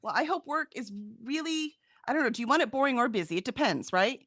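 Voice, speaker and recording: A woman co-hosting a reading stream in casual chat, reading out viewer comments with animated, laughing energy. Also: high voice, fast, dry recording, clean studio sound. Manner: animated, chatty, laughs often. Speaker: co-host of a reading sprint stream.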